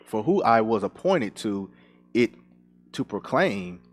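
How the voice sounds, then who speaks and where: A man with a fairly low voice reading scripture aloud during a sermon. He reads in a steady, measured way, pausing as the pastor breaks in. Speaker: scripture reader.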